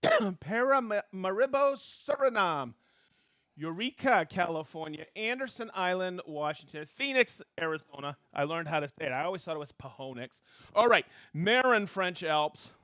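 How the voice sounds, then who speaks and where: Bright, high-voiced upbeat male host. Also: expressive. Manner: upbeat, reads out viewer names and hometowns with quick greetings and laughs. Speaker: live stream host. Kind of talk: live stream shout-outs to viewers.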